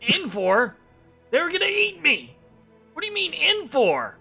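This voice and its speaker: A man voicing a lean, frantic male goblin prisoner who begs loudly to be set free. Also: very high voice, wildly swooping pitch, unhurried, creaky, over music, voice pushed up, exaggerated voice. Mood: indignant. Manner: panicked, shouting, pleading to be freed.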